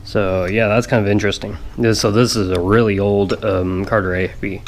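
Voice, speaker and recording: A man's voice: lowish voice, flat delivery, fairly quick, a little hiss or hum, rough recording. A man with a congested, nasal voice, narrating in a hesitant, rambling way with many fillers. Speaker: car hobby vlogger. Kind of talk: casual narration over work footage.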